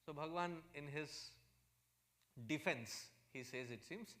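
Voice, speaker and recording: A man with an Indian accent, a swami giving a satsang talk in a humorous, animated storytelling manner. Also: fairly high pitch, takes it slowly. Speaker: swami, spiritual teacher.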